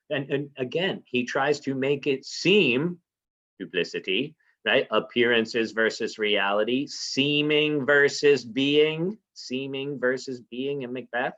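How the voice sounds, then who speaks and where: A man's voice: mid-range voice, slow, fairly bright tone. A man teaching a literature lesson in an informal way, often checking in with his listeners by asking "right?". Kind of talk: recorded literature lecture. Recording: slightly muffled lo-fi recording.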